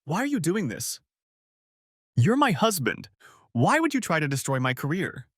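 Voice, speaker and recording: A man's voice: a little high, huge pitch swings, normal speed, a bit bright, dry recording, studio quality, voice pushed up, heavily acted. A man voicing a wounded, tearful wife caught in an affair, pleading with a breaking voice. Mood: stunned.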